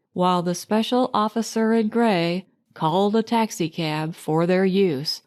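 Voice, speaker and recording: A woman narrating an audiobook, reading in a measured, unhurried way. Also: medium pitch, darkish tone. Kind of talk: scripted narration.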